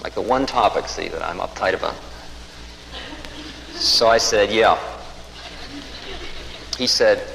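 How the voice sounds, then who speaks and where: Мужчина, рассказывающий историю в гулком зале. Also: male voice, lowish voice, slow, vocal fry, pauses often, a bit bright, slight background noise. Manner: wry, self-mocking storytelling with quoted voices. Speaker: spiritual teacher telling a story. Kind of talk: storytelling talk. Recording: echoey hall with faint ambience.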